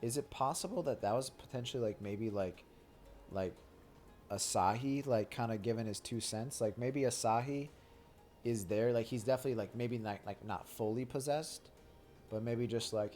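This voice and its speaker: A young man with a mid-range, slightly mellow voice streams a video game at normal speed, with game music behind him. He chats casually while reading game dialogue, rambling and joking with plenty of "like" and crude humor.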